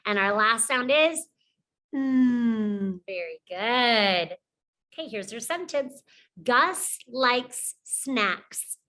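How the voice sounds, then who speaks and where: High, bright-voiced woman teacher. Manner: slow, deliberately sounds out letters, praising. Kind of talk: children's phonics lesson.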